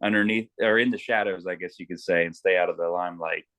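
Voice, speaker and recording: Low-voiced man telling service stories. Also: fast talker, no room sound. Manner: animated storyteller, swears freely, acts out yelling. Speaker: guest, Navy veteran. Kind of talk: casual interview storytelling.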